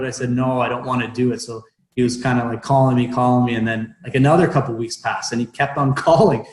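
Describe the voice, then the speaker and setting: Flat-voiced man, hesitant, echoey room. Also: medium pitch, quick pace. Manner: hesitant, many fillers and restarts. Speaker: professional hockey player, guest. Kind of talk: casual interview chat. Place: at home.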